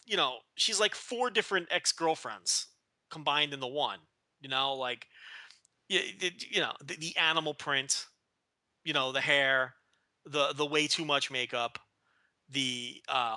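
A man's voice: on the high side, measured pace, sharp tone, no echo. A man from Texas co-hosting a wrestling podcast, joking and teasing in casual rambling chat. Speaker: podcast co-host.

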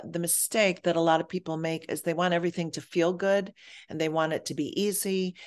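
A woman guest on an interview podcast who speaks earnestly and reassuringly about motherhood and mental health. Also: on the low side. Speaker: guest, perinatal mood expert.

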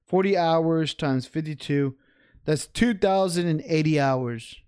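A man's voice: measured pace, darkish tone, clear, resonant tone, dry recording, clean studio sound. Laid-back, laughing young podcast guy. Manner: laid-back, profane, laughs often, mimics people in high voices. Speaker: podcast co-host. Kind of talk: casual chat.

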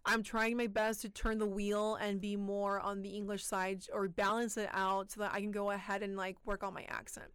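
A woman's voice: mid-range voice, normal speed, few pauses, smooth, dry recording. A young woman with a Spanish accent, a student news anchor, chatting animatedly as an interview guest. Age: young adult. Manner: lively, chatty, animated quoting of herself. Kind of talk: casual interview chat.

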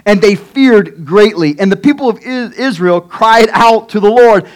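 A pastor reading scripture and preaching a sermon, emphatic and acting out the people in the story. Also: male voice, high-pitched, lively intonation, moderate pace. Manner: acts out characters in quotes, emphatic.

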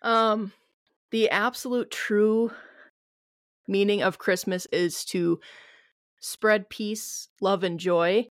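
Casual and a little hesitant, this female podcast co-host fills her chat with filler words and occasional mild profanity. The studio-quality recording has no echo, and her voice sits in the middle range.

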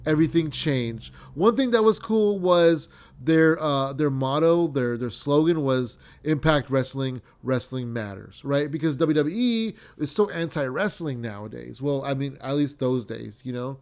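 A man's voice: medium pitch, expressive, a little slow, darkish tone. A young man hosting a wrestling podcast, ranting casually with lots of swearing, fillers and restarts.

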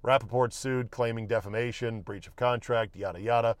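A man's voice: medium pitch, steady tone, fairly quick, no echo. Male podcast host, casual wry monologue, mid-range voice, dry sound. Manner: wry, joking, offhand, with swearing.

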